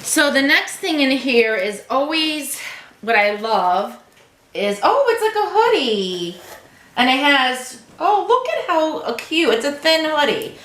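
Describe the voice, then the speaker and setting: A woman's voice: high-pitched, sing-song, slow pace, fairly bright tone, roomy sound. A woman vlogger unboxing a subscription box at home, gushing over each item and cooing to her cat. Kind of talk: casual unboxing chat.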